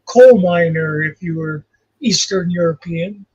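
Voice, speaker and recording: A man's voice: on the high side, unhurried, darkish tone, slightly rough. A man talking casually on a livestream, rambling and reflective, filling gaps with "you know". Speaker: guest commentator. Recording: muffled lo-fi call audio.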